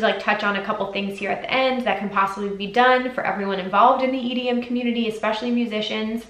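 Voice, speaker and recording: A woman's voice: mid-range voice, fairly bright tone. Woman podcast host ranting casual, says like a lot, swears, roomy echo on the mic. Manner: casual, heavy swearing, lots of "like". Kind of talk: candid solo podcast talk. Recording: echoey room.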